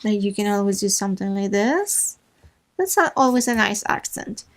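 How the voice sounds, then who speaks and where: A woman's voice: mid-range voice, expressive, moderate pace, slight background noise. A woman hosting a drawing tutorial, chatting casually as she works and making playful asides to herself.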